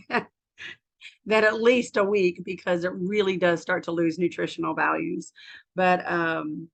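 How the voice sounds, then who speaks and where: A woman's voice: fairly low pitch, a bit bright. An American woman in her fifties vlogs about her own life. She talks in a candid, rambling way with plenty of feeling. Her voice is that of a health coach chatting with viewers. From United States. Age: 50s. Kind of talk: casual personal vlog.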